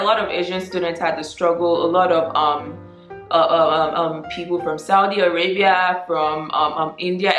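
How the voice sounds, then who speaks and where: A Nigerian woman in her twenties chatting casually to camera as a vlogger, with lots of ums and animated asides. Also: fairly low pitch, echoey room. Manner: chatty, frequent ums, animated mock quotes.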